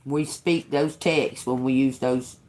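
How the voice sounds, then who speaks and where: A woman's voice: extremely low pitch, steady tone, slow pace, a little mellow. A woman tarot reader in casual spiritual talk to her viewers, rambling and restarting, swearing freely and laughing often.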